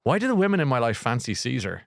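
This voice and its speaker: A man's voice: mid-range voice, big pitch swings, quick pace, vocal fry, no echo, clean studio sound. A middle-aged man hosting a book show, rambling and jokey with lots of fillers and restarts. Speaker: radio book show host. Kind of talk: casual chat.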